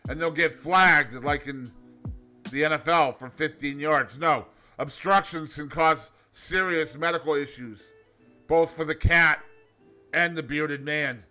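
A man hosting a comedic daily segment as a loud, over-the-top showman persona, hammering his points home. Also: fairly high pitch, unhurried, soft background music. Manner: loud, showman, mock-emphatic. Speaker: host.

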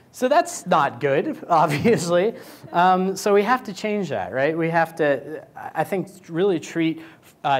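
A man giving a casual, joking conference keynote. He now and then acts out clients and coworkers in quick, higher voices. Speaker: keynote speaker. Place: conference stage.

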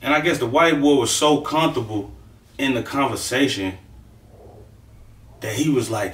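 A man's voice: mid-range voice, normal speed, pauses often, a bit bright. A middle-aged man tells a long story in a loose, rambling way, swearing freely and checking in with the listener again and again. His voice sits in an ordinary middle register. It is picked up from some distance in a room that echoes. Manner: profane, rambling, keeps saying "you know what I'm saying". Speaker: storyteller recounting prison life. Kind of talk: casual storytelling monologue. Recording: roomy sound, mic at a distance.

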